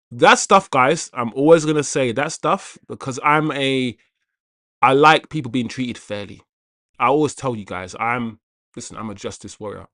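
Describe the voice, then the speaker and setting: A man's voice: medium pitch, fairly bright tone, dry recording, clean studio sound. A man hosting a live football watch-along stream, talking casually and chattily to his viewers, repeating himself and greeting viewers by name.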